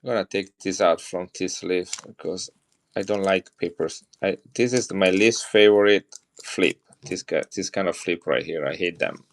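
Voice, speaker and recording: A man's voice: deep voice, moderate pace. A middle-aged man with an Italian accent, chatting casually on a live stream as he sells and shows off coins to viewers. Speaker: coin seller on a live stream.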